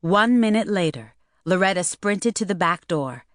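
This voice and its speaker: A woman narrating an audiobook in a steady, even reading voice. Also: medium pitch, moderate pace, dry recording, studio quality. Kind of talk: scripted narration.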